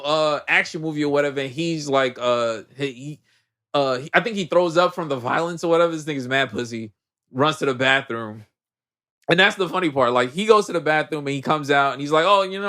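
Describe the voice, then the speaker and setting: Animated slang-heavy male podcast host. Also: fairly high pitch, a little fast. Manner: animated storyteller, heavy slang, acts out characters. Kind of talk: casual movie recap chat.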